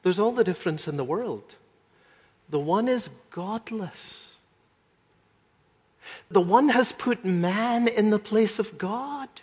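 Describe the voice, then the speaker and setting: A man's voice: high voice, breathy edge, big-room sound. A middle-aged man preaching an earnest, emphatic radio sermon as pastor.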